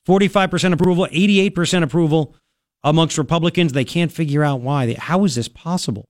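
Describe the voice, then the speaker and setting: Emphatic talk radio host, higher voice. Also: male voice, dry recording, clean studio sound. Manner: emphatic, repetitive, quick asides. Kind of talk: talk radio monologue with live ad read. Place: radio studio. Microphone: studio microphone.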